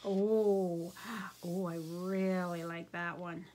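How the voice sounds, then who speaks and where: A woman's voice: lowish voice, level tone, slow, dark tone, slight background noise. A middle-aged woman craft vlogger chatting casually while unboxing supplies, gushing and easily delighted.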